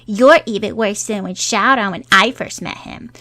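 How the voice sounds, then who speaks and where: A woman voicing a bratty, sharp-tongued young orphan boy who speaks in a smug, blunt, scoffing way. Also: medium pitch, moderate pace, natural voice.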